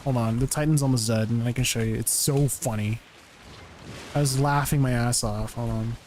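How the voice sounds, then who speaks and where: A man's voice: mid-range voice, fairly even intonation, normal speed, a little mellow, slight background noise. A young man streaming a game, chatting casually with viewers, easily amused and rambling with restarts; he is not British. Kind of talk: casual live-stream chat while gaming.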